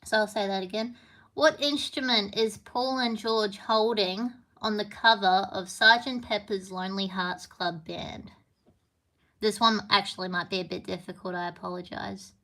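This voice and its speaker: Bright-voiced woman hosting a casual trivia stream. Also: mid-range voice, steady tone, normal speed. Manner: chatty and meandering, many fillers, apologetic. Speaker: livestream trivia host. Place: home with a piano.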